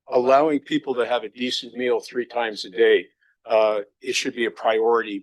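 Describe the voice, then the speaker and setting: A man's voice: fairly low pitch, no room sound. A man, a city councillor, speaks in a folksy, wry way during a council debate in a council chamber.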